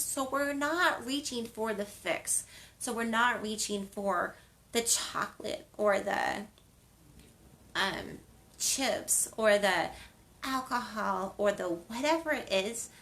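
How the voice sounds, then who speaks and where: A woman's voice: fairly high pitch, fairly bright tone. A woman from the western United States hosting a wellness video series, chatting casually and rambling with lots of fillers. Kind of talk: casual chat.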